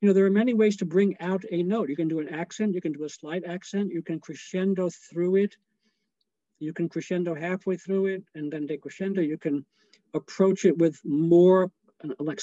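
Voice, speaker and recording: A man's voice: high-pitched, dry recording. Chatty man conducting an online choral lecture. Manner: relaxed and chatty, sings short phrases to demonstrate. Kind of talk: online lecture over video call. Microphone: video call microphone. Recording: dull, dry video call audio.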